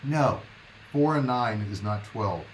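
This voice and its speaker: Guy rambling to his viewers on a live stream, mid-pitched voice, a little faint noise behind. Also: lively intonation, slow pace, rough recording. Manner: chatty, loose and rambling, talking to viewers. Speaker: livestream host. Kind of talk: casual live-stream chat.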